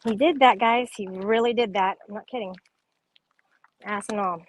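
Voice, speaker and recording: A woman's voice: medium pitch, normal speed, slight background noise, rough recording. A young woman chatting casually on a livestream, reading viewer comments, laughing often and swearing freely.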